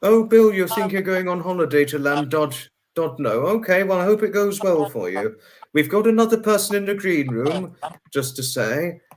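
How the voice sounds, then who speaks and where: Hosting a laid-back livestream, this man has a high voice with lively intonation and a moderate pace, plus a faint hiss or hum in the audio. He chats with a guest, reads viewer comments aloud, repeats phrases, and addresses the chat directly.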